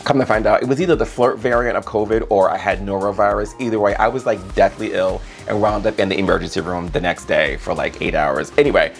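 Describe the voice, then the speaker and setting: A man's voice: on the low side, fast, creaky, few pauses, soft background music. A man vlogging a storytime, animatedly acting out the voices of the people in it. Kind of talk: storytime vlog.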